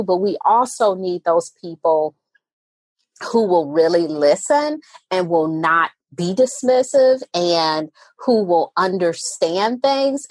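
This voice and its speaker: A therapist woman speaking as a podcast guest in an animated way, often acting out the voices of people she quotes. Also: medium pitch, dry recording. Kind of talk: podcast interview conversation.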